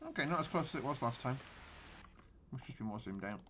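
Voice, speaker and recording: A man's voice: medium pitch, expressive, fast, a bit bright, slight background noise. A man giving casual gameplay commentary on a naval battle game, thinking aloud with frequent restarts. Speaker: gaming channel host.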